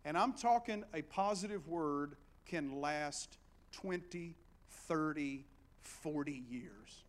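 A middle-aged man with an Appalachian accent preaches a sermon slowly, his voice a little high for a man. He is animated, swinging widely from quiet, intimate storytelling to loud, rousing exhortation.

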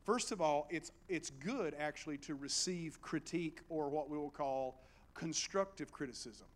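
A middle-aged man with an Appalachian accent, preaching a sermon and swinging between hushed storytelling and loud exhortation. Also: on the high side, normal speed.

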